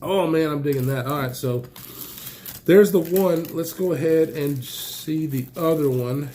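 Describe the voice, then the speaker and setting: A man's voice: a little high, unhurried, dark tone, a little hiss or hum. A man chatting casually while unboxing knives and flashlights, enthusiastic and rambling, a bit stuffy from allergies. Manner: enthusiastic, rambling, exclaims often. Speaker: knife and gear reviewer.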